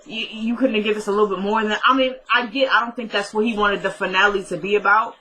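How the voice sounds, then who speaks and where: A woman's voice: medium pitch, steady tone, quick pace, pushed and bright, a little hiss or hum, poor audio. A young woman at home chatting through a TV episode recap, acting out the characters' lines as she retells the scenes. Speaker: TV recap vlogger.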